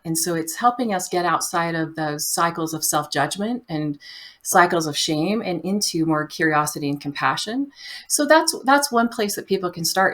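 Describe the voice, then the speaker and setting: A woman speaks as a podcast guest, with a voice pitched a little low for a woman. She talks in a gentle, reflective way and slips into playful quoted inner voices. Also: normal speed. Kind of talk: conversational interview.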